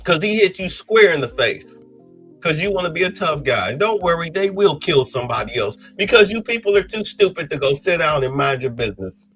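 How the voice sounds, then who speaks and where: A man's voice: fairly high pitch, animated, brisk, a bit bright, slightly rough, soft background music, rough recording. A man hosting a podcast, giving heated, blunt political commentary in an agitated, ranting way. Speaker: podcast host.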